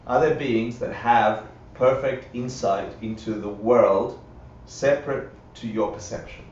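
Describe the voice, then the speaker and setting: Unhurried and darkish in tone, this man's mid-range voice guides a live Buddhist class in a conversational way, with frequent check-ins and acted-out quotes. A little hiss or hum runs through the roomy, dull livestream audio captured from a distance.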